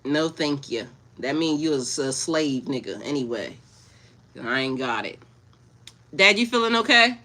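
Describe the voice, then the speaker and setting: A woman's voice: low voice, animated, measured pace, sharp tone. A woman in her forties, a spiritual coach chatting casually with livestream viewers, blunt, swearing freely and laughing often.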